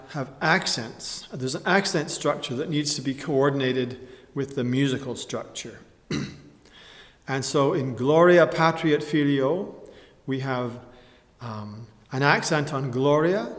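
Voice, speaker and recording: A man giving a measured, precise lecture tutorial, pausing with fillers and clearing his throat now and then. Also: mid-range voice, long reverb tail. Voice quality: measured, precise explanatory delivery. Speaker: music instructor. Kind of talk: lecture tutorial with sung examples.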